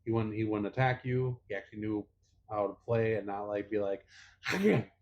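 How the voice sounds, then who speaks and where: A man's voice: on the low side, steady tone, fairly quick, lo-fi sound, a little hiss or hum. A young man co-hosting a casual podcast chat, teasing his friend in a playful manner. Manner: playful, teasing, puts on voices in anecdotes. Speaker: podcast co-host.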